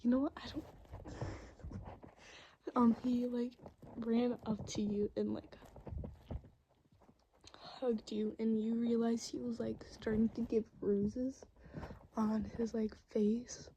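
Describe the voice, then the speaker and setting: Slow-whispering woman in a rambling role-play. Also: fairly high pitch, little pitch movement, muffled recording, a little hiss or hum. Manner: rambling, hesitant, full of fillers; soft, mostly unvoiced whisper. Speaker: voice actor narrating a listener role-play.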